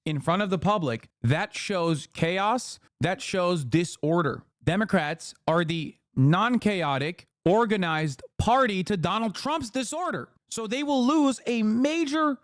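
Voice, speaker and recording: A man's voice: high voice, no echo, clean studio sound. A man giving heated, profane political commentary while reacting on a live stream. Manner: heated, profane, emphatic ranting.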